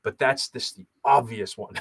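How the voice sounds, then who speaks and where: A man in his thirties hosting a casual talk show, animated, laughing often and talking with many fillers. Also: medium pitch, a little slow. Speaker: podcast host and battle rapper. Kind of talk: casual chat.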